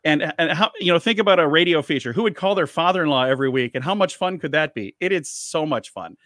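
Male comic guest, slightly high voice, rambling storyteller, dry mic. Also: animated, a bit bright, dry recording. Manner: rambling anecdotal, quick to restart sentences. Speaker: comedian and radio host. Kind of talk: casual storytelling.

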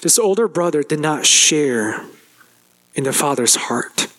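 A man preaching a sermon as pastor, speaking straight to the congregation and acting out a character's complaint with a rising voice. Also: husky. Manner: animated, acts out the older brother's complaint with rising pitch; addresses the congregation directly, asks questions.

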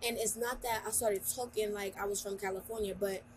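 A woman's voice: medium pitch, steady tone, a little fast, a little hiss or hum. A young woman co-hosting a podcast in casual chat, talking bluntly and emphatically with lots of slang. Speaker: podcast co-host.

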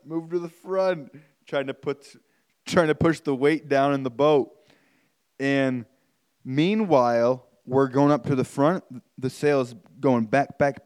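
A man's voice: medium pitch, fairly even intonation, measured pace, a little mellow, clean tone. A man, hosting a podcast and telling a story casually and animatedly, swearing and saying "like" and "man" a lot. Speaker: podcast host.

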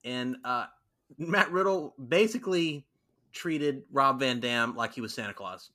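A man's voice: medium pitch, unhurried, sharp tone. A man co-hosting a casual chat, talking with emphatic enthusiasm. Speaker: podcast co-host.

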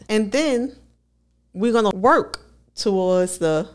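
A woman with a lowish voice speaks at a normal speed as she co-hosts a laid-back podcast. She's open about her personal stories and laughs frequently.

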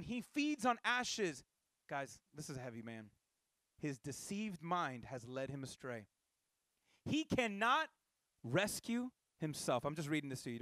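A male pastor giving a sermon in a casual, animated way, with slang asides to the congregation. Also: extremely high pitch, dry recording.

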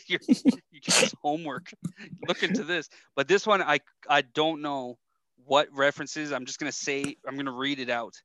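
A man's voice: fairly high pitch, steady tone, normal speed, pushed and bright, no echo. A young man co-hosting a podcast, telling rambling stories and laughing often in casual chat. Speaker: podcast co-host.

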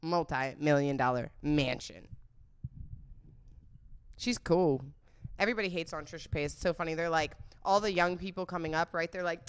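A young woman hosts a podcast in loose, crude chat, rambling from one thing to the next. Her voice sits a little low and comes across smooth and clear. When she quotes people she slides into mocking put-on voices. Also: moderate pace. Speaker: podcast host. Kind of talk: casual chat.

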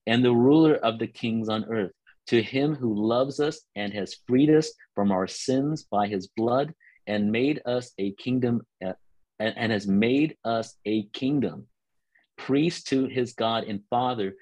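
A man preaching a teaching sermon to listeners on a call line, earnest, often restarting words and slowing down for scripture. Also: medium pitch, a little mellow, dry recording, low-quality recording.

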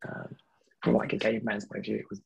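Gravelly, raspy man chatting fast. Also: lowish voice, completely flat delivery, rough recording. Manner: rambling, hedging, laughs often. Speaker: podcast guest. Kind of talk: casual chat.

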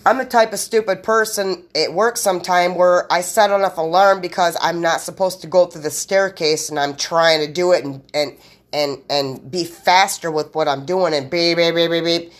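A woman's voice: on the low side, normal speed. A woman hosting a solo podcast, rambling in blunt, profane run-on sentences straight to her listeners. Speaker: podcast host.

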